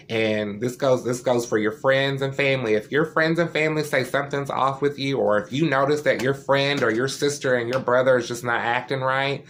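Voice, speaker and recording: There's a little hiss or hum as a vlogger with a medium-pitched, slightly bright voice talks to camera about something personal. His delivery is candid and earnest, conversational and full of fillers.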